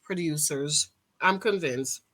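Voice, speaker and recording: A woman casually recapping a reality TV episode, chatty and emphatic, talking straight to her viewers and breaking into excited outcries. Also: deep voice, slow pace. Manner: bursts into excited loud outcries. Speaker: TV show recap host.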